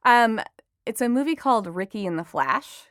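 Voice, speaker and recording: A young adult woman, a reporter guest on a podcast interview, talking in a chatty, enthusiastic way with quick asides. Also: a little high, animated, fairly bright tone, clear, resonant tone, no room sound, studio quality. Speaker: entertainment reporter and author guest.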